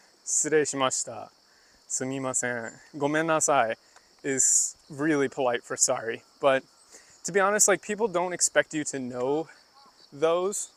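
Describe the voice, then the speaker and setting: A man talking casually to a livestream audience as he walks a rural path near the woods. His voice sits a little high and his delivery is loose and conversational. Crickets and insects chirp around him. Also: fairly bright tone. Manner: chatty, loose and conversational, demonstrating Japanese phrases. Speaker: vlogger livestreaming while walking. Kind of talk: casual livestream chat while walking, answering chat.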